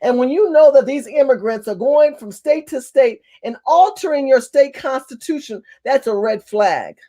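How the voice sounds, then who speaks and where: A woman telling a story to her camera in an animated, emphatic rant, with some cursing. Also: high voice, normal speed. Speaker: vlogger. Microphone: phone or camera facing her.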